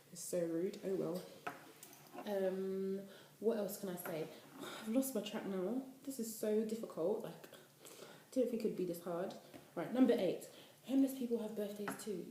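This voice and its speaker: A woman in her twenties from the UK, a university student giving casual life advice in an animated, chatty way. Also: medium pitch. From United Kingdom. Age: 20s. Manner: chatty, animated, preachy asides. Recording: echoey room, faint noise.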